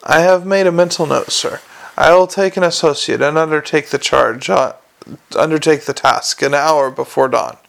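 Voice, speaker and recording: A formal, cold-blooded manservant who is secretly a killer, answering in clipped, unemotional phrases, as a male narrator gives him voice. The tone carries a gravelly rasp and sits a little high for a man. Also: moderate pace. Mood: deadpan. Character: deferential, cold-blooded male assassin-butler. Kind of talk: audiobook character reading.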